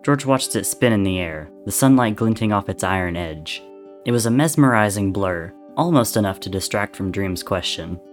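Male storyteller, lower voice, measured dramatic reading. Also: expressive, faint music behind. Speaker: narrator. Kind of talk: reading fan fiction aloud.

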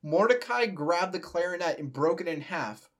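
A young man with a fairly high voice reads a silly fan story aloud. His delivery is animated and casual, and he often breaks into laughter. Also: moderate pace. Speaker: reader. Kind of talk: comedic reading of a fan story.

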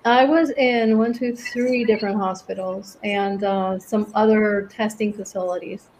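A middle-aged woman from Venezuela, a guest speaking in an interview in a reflective, gentle way. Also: mid-range voice, steady tone, a little slow, a little hiss or hum, low-quality recording. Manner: reflective, gentle, laughs often. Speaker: guest, cancer survivor and author. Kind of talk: interview conversation.

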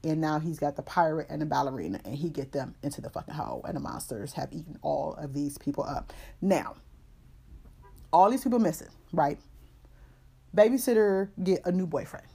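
A woman hosting a comedy podcast, recapping a story in profane, slangy, animated storytelling. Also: sits low, a little fast, creaky, husky. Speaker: podcast host.

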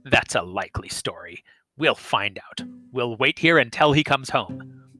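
A man voicing a menacing robber who speaks low and hushed with threats. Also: expressive, a little slow, soft background music. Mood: threatening. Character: menacing gang of male robbers.

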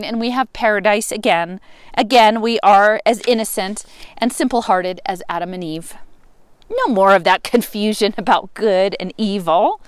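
A woman reading a novel aloud, expressive, with sudden rises and emphatic words. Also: medium pitch, smooth, no echo. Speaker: reader.

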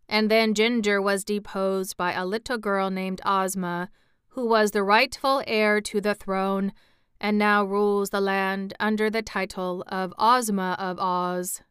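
A formal clockwork man of copper speaks in a storybook, stiff, measured and courteous, as a woman reader puts him on. The voice is smooth and resonant, set a little higher and louder than plain talk, unhurried, in a dry, close sound. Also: no room sound, lightly acted.

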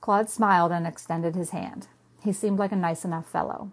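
A woman reading her novel aloud in a steady, plain storytelling voice. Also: fairly low pitch, moderate pace. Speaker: reader, narrator.

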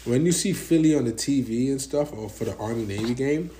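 A man's voice: medium pitch, a little fast, crowd noise. A young man chatting casually in slangy, joking banter with a friend. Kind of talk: casual chat. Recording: echoey room, faint background noise.

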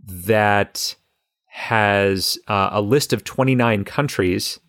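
A man's voice: lowish voice, slow pace, fairly bright tone, no room sound, clean studio sound. A man co-hosting a podcast, chatting casually with playful, mock-authoritative confidence. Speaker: podcast co-host. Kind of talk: casual banter.

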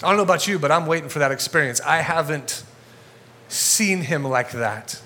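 A male pastor with a voice on the high side delivers a sermon to a church congregation at normal speed, energetic and conversational, growing fired up as he talks. A little hiss or hum is audible.

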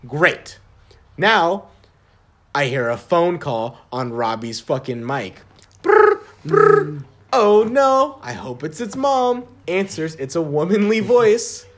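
A man's voice: fairly high pitch, very animated, takes it slowly, a little hiss or hum. A young man in casual chat, telling a profane, ranting story and laughing often.

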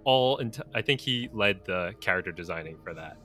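A man's voice: low-pitched, animated, fairly quick, bright, forceful tone, soft background music. A young man co-hosting a podcast, talking casually and thinking through hypothetical questions. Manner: thoughtful, poses hypotheticals. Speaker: podcast co-host. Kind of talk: casual chat.

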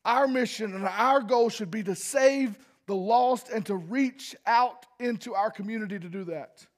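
In this impassioned sermon, a male pastor speaks directly to the congregation with sharply fluctuating volume. His voice sits high, and he takes an unhurried pace.

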